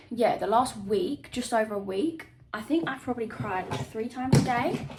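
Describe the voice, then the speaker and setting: A woman's voice: mid-range voice, noisy background. Emotional, confessional woman vlogging. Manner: emotional and confessional, with many fillers and laughs. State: tearful at times. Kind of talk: candid personal vlog to camera.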